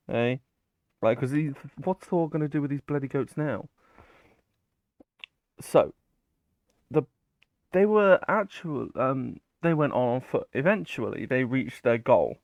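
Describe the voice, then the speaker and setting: A man retells an old myth in a loose, rambling way, full of ums and casual swearing. He talks at an unhurried pace, close to the mic in a dry, dead-sounding space. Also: medium pitch, a little mellow, no echo. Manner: rambling, filler-heavy, loose paraphrase. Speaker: storyteller.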